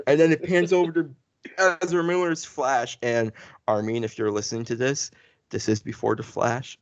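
A man co-hosting a podcast, chatting casually and excitedly through a spoiler review, full of fillers and restarts. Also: mid-range voice, moderate pace, no room sound. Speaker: podcast co-host. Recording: dull lo-fi sound.

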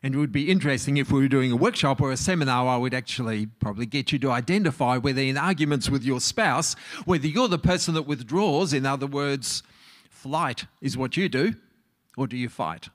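A man's voice: mid-range voice, fairly quick. Chatty middle-aged male counsellor. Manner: conversational, asks the audience questions. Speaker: marriage counsellor. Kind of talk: relaxed talk to a live audience.

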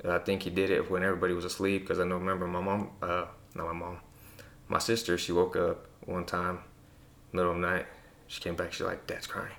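A man telling personal stories in a relaxed, casual conversation, with lots of fillers. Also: deep voice, a little fast. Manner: relaxed storytelling with many fillers. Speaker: guest.

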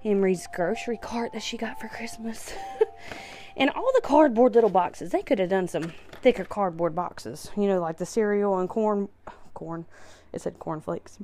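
A woman's voice: mid-range voice, normal speed, dark tone. A young woman talks through her podcast while she cleans, a bit out of breath. She rambles in a loose, easygoing way, laughs a lot, and pokes fun at herself. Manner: chatty, laughs often, self-deprecating. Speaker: podcast host. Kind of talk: casual chat while tidying.

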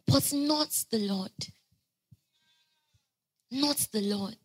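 A woman preaching a sermon, telling stories conversationally and building to loud, emphatic proclamations. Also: sits high, measured pace, pauses often. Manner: conversational storytelling with playful asides.

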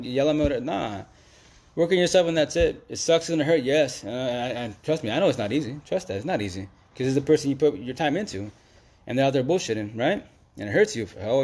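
A man rattles off a loose, unscripted monologue at a quick clip. His speech is slangy and emphatic, circling back to the same phrases as he hammers a point home. His pitch sits mid-range for a man. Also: darkish tone. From Seattle, USA. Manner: slangy, repetitive, emphatic street talk. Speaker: Facebook Live vlogger.

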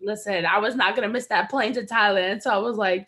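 A young American woman co-hosts a casual podcast, telling a travel story in a brisk, mid-range voice. She's an animated storyteller who laughs often and acts out quotes, with a crowd audible behind her.

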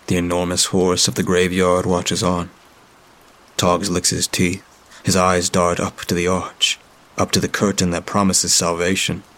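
A man narrating a horror story in a grim, steady first-person reading. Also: sits low.

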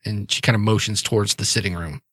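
A man's voice: lowish voice, steady tone, fast, a bit bright, breathy edge, no room sound, studio quality. A man narrating a tabletop game as game master, casual and descriptive. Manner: casual, descriptive, laid-back.

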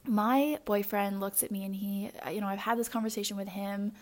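A woman's voice: medium pitch, steady tone, a little fast. A young adult woman hosting a podcast, talking candidly and at length about herself in a rambling, confessional way, with plenty of fillers and restarts. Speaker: podcast host. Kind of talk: personal confessional monologue.

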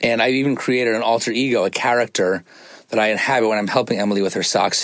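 A man's voice: lowish voice, quick pace, no echo. Playful man telling a family story. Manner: playful, animated, acts out quotes. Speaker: guest podcaster. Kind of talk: casual storytelling.

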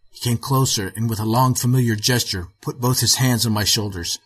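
A man giving a measured, scripted reading of a fiction story as its narrator. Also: mid-range voice, fairly even intonation, fairly bright tone, slightly rough.

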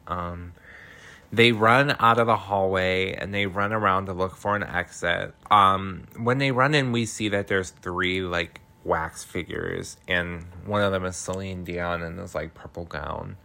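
Man, slow, lowish pitch, chatty film-recap host who laughs and swears. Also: gravelly, pushed and bright.

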